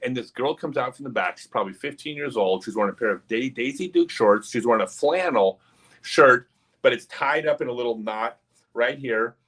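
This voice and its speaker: A man hosting a livestream, telling a long story in an animated, casual way with lots of asides. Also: mid-range voice, a little fast. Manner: animated, many fillers and asides. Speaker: livestream host.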